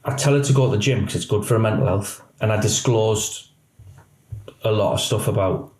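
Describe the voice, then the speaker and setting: A man's voice: on the low side, fairly quick, a little mellow, roomy sound, rough recording. A man, a former police officer telling his story in a candid podcast interview and acting out the dialogue.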